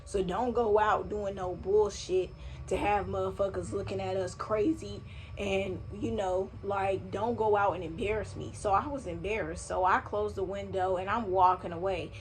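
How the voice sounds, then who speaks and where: A young woman telling a personal story in a casual storytime vlog, animated and slangy, swearing freely, recorded at home on a phone or camera mic. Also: medium pitch, normal speed, slight background noise. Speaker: vlogger. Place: home room, vacuum running nearby.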